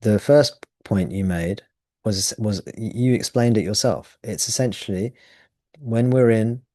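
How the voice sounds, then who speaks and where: A man's voice: lowish voice, unhurried, mellow, no room sound, studio quality. A man teaching at a satsang, explaining ideas thoughtfully and often restarting his phrases. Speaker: spiritual teacher. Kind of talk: satsang talk.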